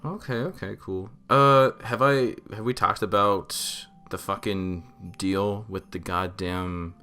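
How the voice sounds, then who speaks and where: Young man telling a profane, animated story. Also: fairly low pitch, slow, smooth, faint music behind. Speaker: podcast co-host. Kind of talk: casual chat.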